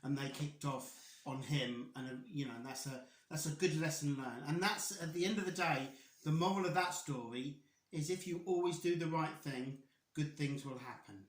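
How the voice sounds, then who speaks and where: A man's voice: a little high, normal speed. A man hosting a casual chat on his channel, chiming in with short agreeable replies and summing things up. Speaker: channel host. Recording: echoey room.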